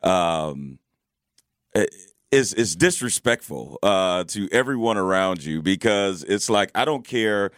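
Brief: man radio co-host, very low voice, slow halting delivery. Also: lively intonation, no echo, studio quality. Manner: hesitant, full of fillers, laughs a lot. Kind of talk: casual radio chat. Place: radio studio.

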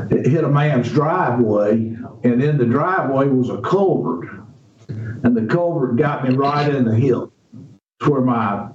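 Slow folksy older man. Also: mid-range voice, a little mellow. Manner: slow, folksy, drawn-out storytelling. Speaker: radio guest. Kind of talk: storytelling in a radio interview. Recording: roomy, distant, dull radio recording.

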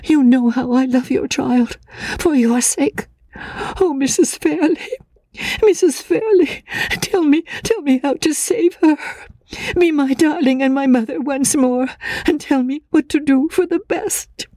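A woman voicing a timid, fragile young woman haunted by grief, speaking in a breathless, hushed voice that slips into whispers. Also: high-pitched, animated, slow, dry recording, heavily acted. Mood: pleading. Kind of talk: audiobook drama acting.

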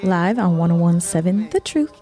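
Relaxed woman morning radio host. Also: on the low side, normal speed, faint music behind. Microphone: studio microphone.

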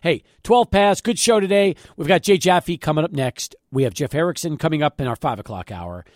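A man hosting an afternoon sports radio show, talking in an excitable, animated way from the studio. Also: a little high, fairly quick, no room sound. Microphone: studio microphone.

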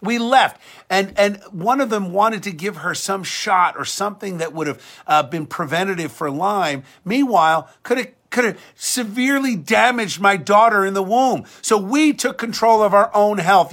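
A man's voice: high voice, moderate pace, hardly any pauses, a bit bright. A man hosting a talk show, delivering an emphatic, combative monologue that often repeats words and restarts when heated. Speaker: podcast and show host. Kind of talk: talk-radio style monologue.

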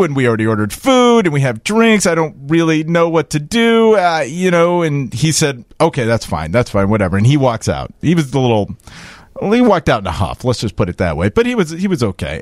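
A man hosts a relaxed podcast and spins a dating story, acting out each line of dialogue. His pitch swings widely as he tells it. He is recorded dry and close on the mic. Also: dry recording. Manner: animated, acts out dialogue in a lively storytelling voice. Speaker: podcast host. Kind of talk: casual storytelling chat.

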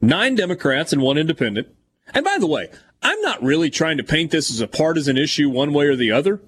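Man hosting a sports talk show, slightly higher-pitched. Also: sing-song, quick pace, husky. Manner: reads article passages aloud, then comments casually. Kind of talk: reading news and discussing on air.

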